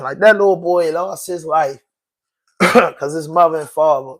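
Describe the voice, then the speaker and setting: The speaker is a man hosting a podcast, his fairly high voice steady in tone, a bit slow and broken by frequent pauses. His monologue is casual commentary: emotional, slangy, repetitive and packed with "bro."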